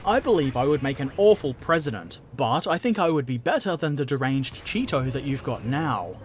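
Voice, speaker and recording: A man's voice: medium pitch, big pitch swings, moderate pace, faint music behind. A man hosting a gaming channel, casually answering viewer comments with jokes and silly put-on voices.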